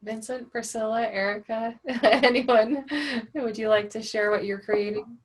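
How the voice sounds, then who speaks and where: A woman facilitating a group video call, slow and soft as she invites others to share. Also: fairly high pitch, fairly even intonation.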